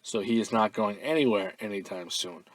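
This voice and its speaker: A man hosting a fan-mail podcast in a relaxed, offhand way, full of ums and uhs, now and then breaking into loud, profane excitement. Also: lowish voice, normal speed, dry recording. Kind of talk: casual podcast chat.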